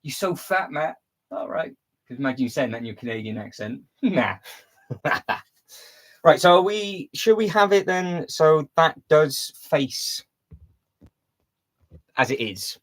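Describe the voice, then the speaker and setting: This livestream host's voice is fairly high with lively intonation, a measured pace and frequent pauses, though the recording is rough. Chatting casually as he reworks a build, he muses aloud, restarting sentences and using fillers.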